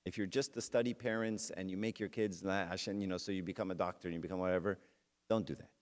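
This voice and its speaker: A middle-aged man speaks fast in a low, fairly even voice. He gives a conversational church talk built around a personal story, addressing the audience directly.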